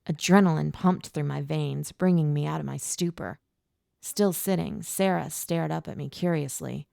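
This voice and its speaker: Woman, audiobook narrator, low voice, gravelly texture, dry close sound. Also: moderate pace, a little mellow, dry recording. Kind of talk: first-person fiction narration.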